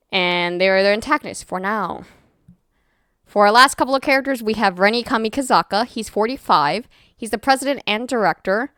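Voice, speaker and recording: A woman's voice: medium pitch, fairly bright tone, smooth, no room sound, studio quality. A young woman streamer chatting casually and rambling, often apologizing and laughing as she explains things. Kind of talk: casual livestream chat.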